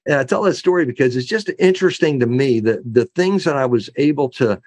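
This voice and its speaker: A man's voice: medium pitch, expressive, a little fast, a little mellow, no room sound. A middle-aged man, a former sheriff, telling stories as an interview guest, rambling with many fillers and restarts and acting out what others said. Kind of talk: storytelling in an interview.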